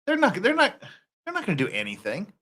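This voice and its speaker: A man's voice: high voice, quick pace. A man hosting a reaction commentary, ranting heatedly and swearing often. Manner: heated, profane, animated ranting. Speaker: commentary host.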